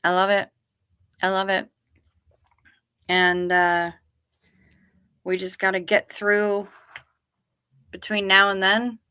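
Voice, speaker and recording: A woman with a bright, clear tone talks casually to her viewers from her chair at home. She rambles along and often trails off. She is a little sleepy and keeps yawning. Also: medium pitch, level tone, slow, pauses often. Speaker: livestream host. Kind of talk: casual livestream chat with viewers.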